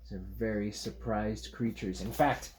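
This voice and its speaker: A man reading a picture book aloud to young children, chatting gently about the pictures between pages. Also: lowish voice, normal speed, a little hiss or hum. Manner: animated, gentle, talks to young listeners. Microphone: camera on a tripod.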